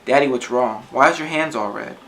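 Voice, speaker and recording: A man's voice: mid-range voice, brisk, a bit bright, a little hiss or hum, natural voice. A frightened little girl, as a man reads her lines. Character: frightened six-year-old girl.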